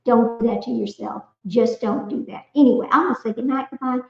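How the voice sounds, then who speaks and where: A woman's voice: fairly high pitch, fairly quick, gravelly. A middle-aged woman hosting a casual livestream, chatting to viewers while fumbling with her screen. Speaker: livestream host. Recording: echoey, slightly dull home livestream audio.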